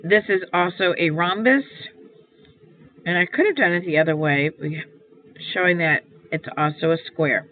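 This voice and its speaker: A woman's voice: on the low side, normal speed. A woman math teacher walking through a homework assignment, explaining each step patiently and repeating key points. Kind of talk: homework walkthrough lesson. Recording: tinny phone-like sound, faint hiss.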